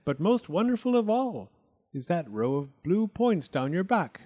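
A man voicing a gentle, kind old man of the mountains in a storybook. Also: high-pitched, very animated, unhurried, highs cut off, voice pushed up, exaggerated voice. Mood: flattering. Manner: gentle, surprised, pleading.

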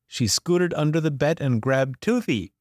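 A man reading a children's picture book aloud with expressive, playful emphasis. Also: fairly high pitch, measured pace, no room sound, clean studio sound. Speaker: storyteller.

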